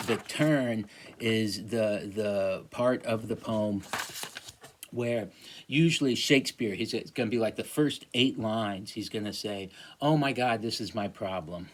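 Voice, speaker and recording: A man lecturing a class, halting, with many fillers and restarts. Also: on the low side, a little hiss or hum. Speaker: teacher.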